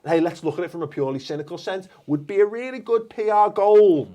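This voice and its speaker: A man's voice: high voice, lively intonation, fast, warm tone. A man in casual panel banter who rants, swears and stumbles over his words.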